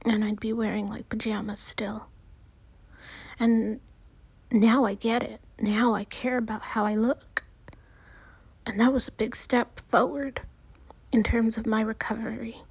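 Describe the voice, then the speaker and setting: A woman talking in a personal video diary with a small, soft voice that often drops near a whisper, halting and restarting as she speaks. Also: on the high side, level tone, slightly rough, dry recording. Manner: halting, with many pauses and restarts. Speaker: vlogger.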